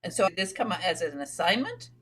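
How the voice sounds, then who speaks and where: Soft-spoken woman hosting an interview. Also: on the low side, sing-song, fairly quick, slightly rough. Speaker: host. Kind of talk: interview conversation.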